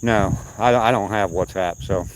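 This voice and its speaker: A man's voice: fairly low pitch, moderate pace, a little hiss or hum, poor audio. An older man with a slight Southern accent, chatting casually with viewers on a live stream while out on a walk, rambling from topic to topic. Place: outdoors at night on a walk.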